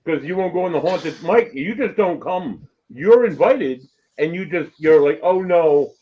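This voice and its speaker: A man's voice: on the high side, expressive, moderate pace, lo-fi sound. A man co-hosting a casual show, bantering and teasing his co-host. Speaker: podcast co-host. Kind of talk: casual chat.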